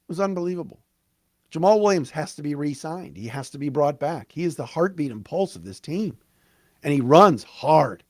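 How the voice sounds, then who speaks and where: A man hosting a solo sports podcast, recapping a game in an excited, emphatic, conversational way. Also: on the high side, brisk, no echo, clean studio sound. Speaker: podcast host.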